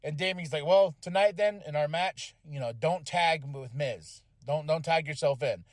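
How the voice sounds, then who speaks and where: A podcast host casually recaps a wrestling show, animated and swearing freely as he acts out the wrestlers' lines. His voice is fairly high and his speed normal. The studio sound is clean, with no room sound.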